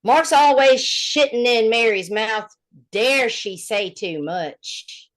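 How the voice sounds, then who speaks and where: Animated Southern woman gossiping. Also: on the high side, slow pace. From Alabama. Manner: animated, mocking storytelling with laughter. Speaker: co-host. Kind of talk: casual gossip chat.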